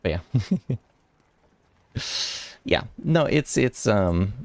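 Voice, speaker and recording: Young man rambling casually, fairly low voice. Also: very animated, very slow, darkish tone, no echo. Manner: rambling, many restarts and laughs. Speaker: streamer. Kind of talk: casual gaming stream chat. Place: home room.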